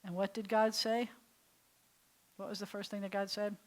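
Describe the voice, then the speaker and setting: A woman rabbi leads a Hebrew class in a mid-pitched voice. She explains with clear enthusiasm and turns to hushed, breathy whispers when she wants a point to land. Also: flat delivery, moderate pace, low-quality recording. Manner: enthusiastic, drops to soft breathy whispers on key phrases. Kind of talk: classroom lesson. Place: synagogue classroom.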